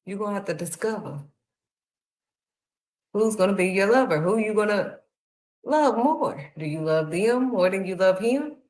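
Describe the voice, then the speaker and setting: A woman's voice: mid-range voice, animated, normal speed, pauses often, darkish tone. A woman giving a casual faith talk, conversational and a bit preachy, calling the listener "honey.". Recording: echoey room.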